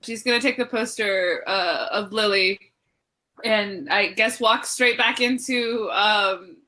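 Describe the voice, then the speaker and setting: A woman's voice: mid-range voice, slow pace, bright, forceful tone. A woman playing a tabletop role-playing game, rambling and giggling as she slips in and out of character. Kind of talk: casual tabletop role-play.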